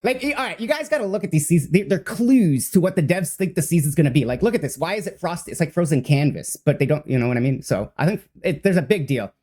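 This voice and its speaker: A man's voice: a little high, fast, hardly any pauses. A man streaming his first read of game patch notes, talking off the cuff with lots of fillers, restarts and the odd swear. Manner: rambling, excitable, many fillers and restarts; swears casually.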